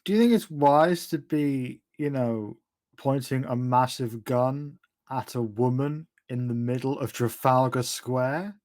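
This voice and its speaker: A man voicing a female vampire hunter who brags of being a holy chosen warrior, with exasperated, quick retorts in his own plain voice. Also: medium pitch, a little mellow, no echo, natural voice. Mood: indignant.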